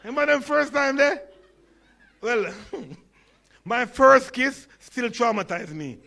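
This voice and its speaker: A man's voice: extremely high pitch, animated, slow, vocal fry, bright, forceful tone. A Jamaican man in his sixties with a stutter and lisp, giving a humorous conference talk with stories and questions to the audience. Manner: storytelling, engages audience with questions. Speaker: conference speaker.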